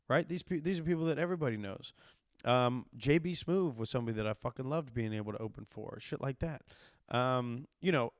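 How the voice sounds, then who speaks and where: Smooth-voiced profane man in his thirties. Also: on the high side, dry recording, clean studio sound. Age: 30s. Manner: profane, animated storytelling with acted-out quotes. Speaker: podcast host and comedian. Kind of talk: casual storytelling.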